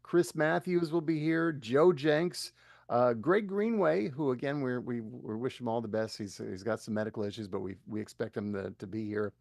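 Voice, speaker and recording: A man hosting a live folk concert stream, thanking the artists and announcing upcoming shows in a halting way, full of fillers and restarts. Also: mid-range voice, gravelly, darkish tone, no room sound, clean studio sound. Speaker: festival concert host.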